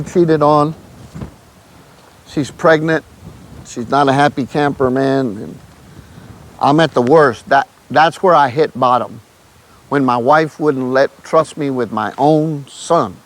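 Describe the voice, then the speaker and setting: A man, telling his testimony in a casual, emotional way and often calling the listener "man". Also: on the high side. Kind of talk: casual storytelling.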